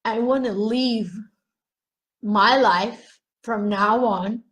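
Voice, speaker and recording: Woman, high voice, slow pace, frank, profane, self-questioning, live video monologue. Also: a bit bright, low-quality recording. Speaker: self-help vlogger. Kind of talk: raw Facebook Live monologue.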